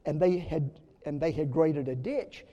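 A man preaching a sermon, telling a story in an earnest way with sudden loud rises. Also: fairly high pitch, unhurried, muffled recording. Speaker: pastor. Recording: long reverb of a church hall.

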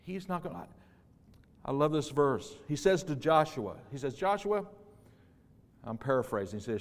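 A man preaching a sermon, moving between quiet, tender stretches and loud, emphatic passages. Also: medium pitch, expressive, normal speed, long pauses. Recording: long hall reverb.

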